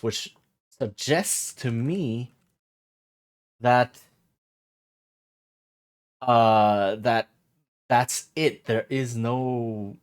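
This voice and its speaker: A man streaming a game, chatting casually and thinking aloud in a rambling way. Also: mid-range voice.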